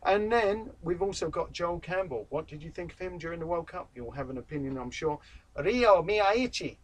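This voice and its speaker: Jokey guy chatting football for his vlog, kinda high voice, puns everywhere. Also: a little fast, distant mic. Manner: jokey, playful wordplay. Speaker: vlog host. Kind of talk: casual football chat. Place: indoors, talking to camera.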